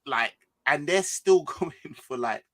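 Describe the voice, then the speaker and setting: A man's voice: fairly high pitch, takes it slowly. A man hosting a football fan stream, talking animatedly and trailing off mid-thought. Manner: animated, swears, slangy, trails off. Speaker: host of fan show. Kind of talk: casual chat.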